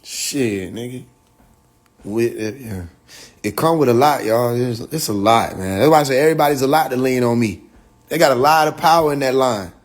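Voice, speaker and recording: A man's voice: medium pitch, normal speed. A man, talking loose and emphatic in a livestream monologue, full of profane slang, racing ahead in bursts and then drawing words out. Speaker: livestream host.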